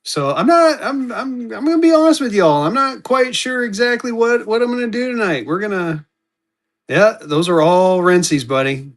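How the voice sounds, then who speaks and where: Hosting a live online auction, a man with a high-sitting voice talks at a normal speed in an animated, chatty way. He rambles, restarts sentences, and addresses his viewers directly by name.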